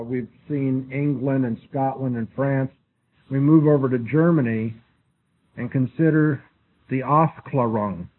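Guy lecturing a class, spells names out, repeats himself, thin phone-ish sound w/ a little hiss. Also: mid-range voice. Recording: tinny lo-fi recording with faint hiss.

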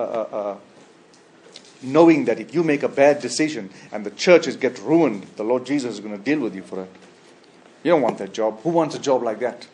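A man preaching a sermon as a pastor, emphatic, with sudden loud high bursts, quiet trailing endings and frequent restarts. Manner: frequent restarts and repeated words. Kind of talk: expository sermon.

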